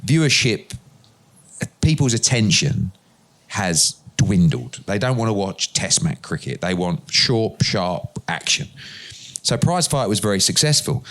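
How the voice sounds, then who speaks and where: Animated man telling stories. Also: fairly low pitch, unhurried. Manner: animated anecdote-telling, acting out dialogue with swearing. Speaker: interview guest, boxing promoter. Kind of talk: conversational storytelling.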